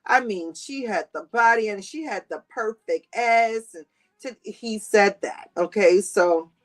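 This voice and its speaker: A woman's voice: medium pitch, a little slow, soft background music. A woman hosting a livestream, reading chat comments and gossiping in a sassy, slangy way with frequent laughter.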